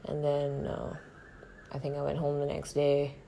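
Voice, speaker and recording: A woman's voice: low-pitched, completely flat delivery, measured pace, gravelly, dark tone, slight background noise. A woman, an actor telling a personal story in a frank, reflective and profane way. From northern India.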